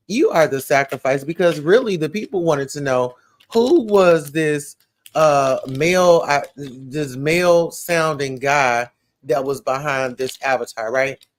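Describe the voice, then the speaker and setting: Sassy Southern woman, livestream gossip host reading comments, animated and chatty. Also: low voice. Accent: Southern US, Atlanta. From Atlanta, USA. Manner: sassy, animated, calls listeners child and baby.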